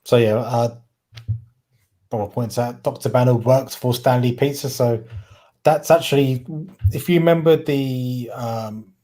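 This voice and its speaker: A man with a Cockney accent talks in a loose, rambling way. His mellow, warm voice sits at a middling pitch, and he often trips over a word and backs up to fix it. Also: fairly even intonation, measured pace. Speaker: podcast co-host. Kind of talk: casual chat.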